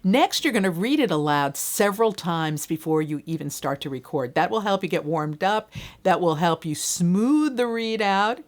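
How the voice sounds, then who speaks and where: A woman's voice: on the low side, animated, normal speed. A middle-aged woman voiceover coach, talking straight to the viewer in a friendly, conversational training video. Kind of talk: direct-to-camera training video.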